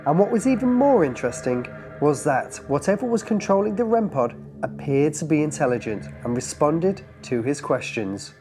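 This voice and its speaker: A narrator telling of a paranormal investigation in measured documentary style. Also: medium pitch, very animated, music in the background. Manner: measured storytelling.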